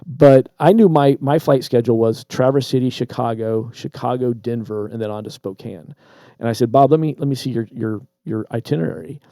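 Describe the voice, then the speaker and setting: A man co-hosting a podcast, casually telling a personal story with lively asides and repeated words. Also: mid-range voice, brisk, no echo, studio quality. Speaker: podcast co-host. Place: Traverse City, Michigan.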